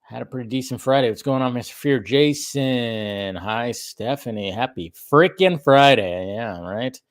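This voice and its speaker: A man's voice: medium pitch, unhurried, no room sound. A man hosting a live stream from a room at home, chatting loosely and rambling as he greets viewers by name. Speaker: host of a live drinking stream. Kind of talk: casual live-stream chat. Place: home room with a pub table.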